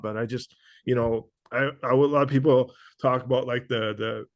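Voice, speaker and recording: A man hosting a podcast, speaking earnestly and haltingly, with many pauses and restarts. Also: medium pitch, little pitch movement, no echo. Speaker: podcast host. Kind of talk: casual interview chat.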